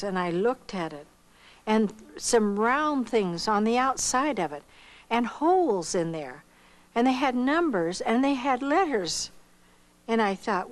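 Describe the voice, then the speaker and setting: An older woman from the United States telling a personal testimony slowly and reflectively, acting out the voices of the people she quotes. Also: a little high, low-quality recording. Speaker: missionary giving testimony.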